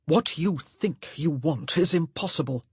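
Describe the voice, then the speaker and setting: Woman reading a roguish gentleman, low husky voice, dry sardonic delivery, clipped lines. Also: lively intonation, moderate pace, no echo. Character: roguish wry gentleman, self-assured. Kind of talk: audiobook character voice.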